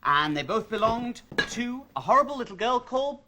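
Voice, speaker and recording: A woman voicing a patient, friendly puppet storyteller in a children's show, telling the tale with lively character voices. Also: on the high side, brisk, noisy background.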